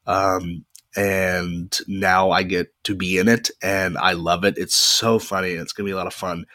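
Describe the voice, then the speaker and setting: A man in his twenties hosts his own podcast alone, talking in a chatty, rambling way with frequent pauses into a close mic. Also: sits low, little pitch movement, bright, forceful tone, no echo. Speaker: podcast host. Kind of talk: casual solo podcast monologue.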